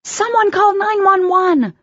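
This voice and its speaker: A woman's voice: mid-range voice, lively intonation, normal speed, no room sound, dull audio, pitched above the performer's own voice, close to an everyday voice. Woman voicing a frantic, caring young woman. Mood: frantic, pleading. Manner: bright, urgent and pleading.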